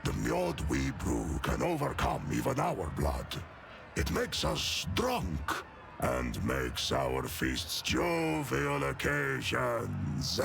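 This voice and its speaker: An actor voicing a proud giant male space-wolf warrior in a video game, with a slow, dramatic storytelling delivery. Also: huge pitch swings, exaggerated voice. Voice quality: gravelly, booming. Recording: game audio with loud music.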